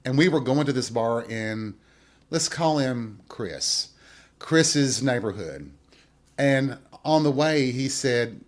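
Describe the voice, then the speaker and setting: A man hosts his own show and tells a personal story straight to his listeners. His voice sits at a middle pitch, neither high nor low. He talks candidly, with wry humor and plenty of swearing. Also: lively intonation, slow. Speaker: podcast host.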